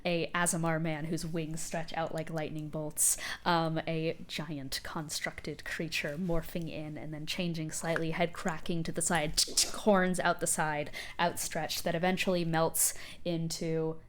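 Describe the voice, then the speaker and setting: A woman's voice: deep voice, flat delivery, a little slow, hardly any pauses. A woman narrating a tabletop game as game master, loose and full of fillers.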